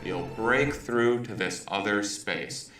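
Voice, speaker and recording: A man telling a comic anecdote in an animated way, with background music. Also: on the low side, slow pace. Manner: animated, mimics voices in quotes. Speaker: storyteller. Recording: echoey, distant, music under.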